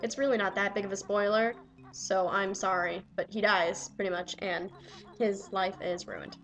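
A young woman swearing and yelling excitedly at the game she plays while commenting. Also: mid-range voice, moderate pace, faint music behind. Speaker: let's player. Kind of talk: casual gameplay commentary.

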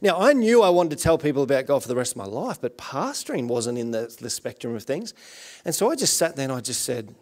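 A man's voice: high voice, big pitch swings, fairly quick. An Australian man preaching as a guest pastor, telling his own story in an earnest, conversational way, with many fillers. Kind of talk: sermon with personal testimony. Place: church service.

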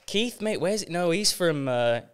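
Young man, smooth clear American voice. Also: sits high, lively intonation, takes it slowly. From West Yorkshire, England. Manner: chatty, laughing, repeats words when starting. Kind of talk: casual podcast chat.

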